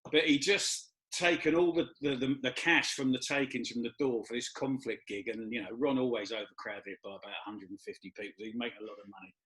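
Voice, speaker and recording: A man, hosting a casual chat and telling lively anecdotes in which he acts out the people he quotes. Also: medium pitch, a little fast, hardly any pauses. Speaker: host.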